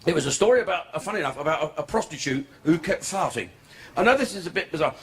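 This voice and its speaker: A man's voice: a little high, animated, fast talker, fairly bright tone. An older man performing a crude, rambling, profane stand-up routine on a comedy club stage. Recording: live club with crowd laughter.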